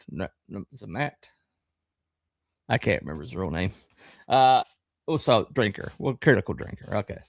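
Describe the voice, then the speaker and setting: A middle-aged man hosting a podcast, talking in a rambling, halting way with lots of fillers and a wry, sarcastic edge. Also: fairly low pitch, creaky, no echo, studio quality. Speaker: podcast host. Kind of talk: casual live-stream commentary.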